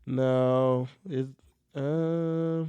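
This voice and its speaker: A man's voice: mid-range voice, steady tone, drawn-out words, mellow, clean tone, no echo. A man co-hosting a podcast in casual chat, talking loosely, swearing freely and laughing often. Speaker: podcast co-host.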